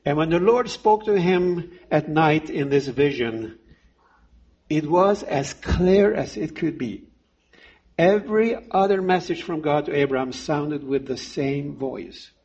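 Slow, husky middle-aged preacher. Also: male voice, on the high side, expressive, a little mellow, highs cut off. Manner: slow, deliberate, emphatic delivery with pauses. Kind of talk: sermon.

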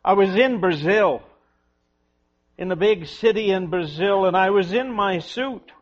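High-voiced man telling children a story. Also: a little slow. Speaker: preacher giving a children's sermon. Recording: dull lo-fi recording.

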